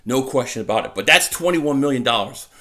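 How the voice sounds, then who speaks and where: A man talking casually about his football team from home, excitable and stumbling over his words as he repeats himself. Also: medium pitch, brisk. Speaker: sports vlogger. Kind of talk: casual fan commentary. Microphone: desk mic.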